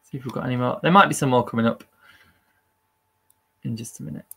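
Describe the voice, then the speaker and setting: A man's voice: mid-range voice, fast talker, gravelly, a bit bright, husky. A man hosting a live-streamed quiz, upbeat and chatty and laughing at himself. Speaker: quiz host.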